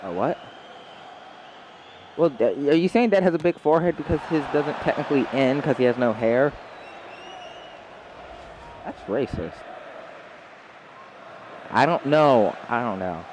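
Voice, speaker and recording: A man's voice: a little high, lively intonation, normal speed, pauses often, a little mellow, some chatter behind, slight background noise. Rambling man chatting over a game. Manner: rambling storyteller, many fillers. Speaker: gamer. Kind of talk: casual chat while playing.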